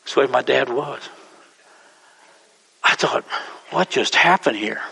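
A man's voice: medium pitch, measured pace, creaky, sharp tone, breathy edge. A man, preaching a sermon as pastor, telling stories in a folksy, rambling way that repeats itself. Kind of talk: sermon storytelling. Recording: long church reverb.

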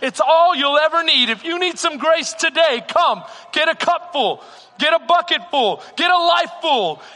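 A man's voice: very high-pitched, lively intonation, unhurried, pushed and bright. A male pastor preaching a sermon with a passionate, repetitive cadence in a church hall. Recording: reverberant hall with music.

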